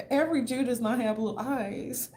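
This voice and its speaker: A woman's voice: fairly high pitch, measured pace, a little hiss or hum. A woman from the southern United States doing casual livestream commentary, loose, chatty, blunt and profane as she talks straight to her viewers.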